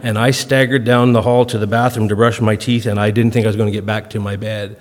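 A man in his fifties tells wry, self-mocking stories to a church crowd, with folksy comic timing. He clears his throat now and then, still getting over a cough. His voice rings out with a long hall reverb. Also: on the low side, little pitch movement, quick pace. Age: 50s. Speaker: guest speaker. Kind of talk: humorous storytelling talk to a congregation.

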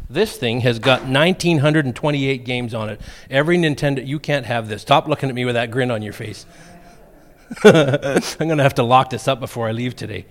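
A middle-aged man preaching a sermon, telling funny stories in a lively way. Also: mid-range voice, moderate pace. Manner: humorous storytelling, animated. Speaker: pastor. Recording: long reverb of a church hall.

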